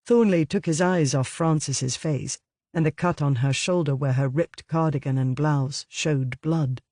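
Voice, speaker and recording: Male audiobook narrator, measured delivery, slightly raised pitch, dry sound. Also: a little mellow, no room sound. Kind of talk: scripted narration.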